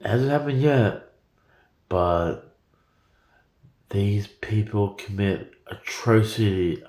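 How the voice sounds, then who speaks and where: A man's voice: lowish voice, mellow, reverberant. A man in his forties talking in a rambling, profane monologue with frequent stammered repetitions. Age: 40s.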